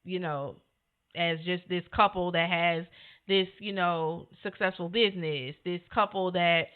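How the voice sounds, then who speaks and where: A woman's voice: on the low side, fairly even intonation, measured pace, clear, resonant tone. A woman co-hosting a podcast with her husband, speaking earnestly and with animation, often saying "you know". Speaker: podcast co-host. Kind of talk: casual conversation. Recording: phone-like narrow sound.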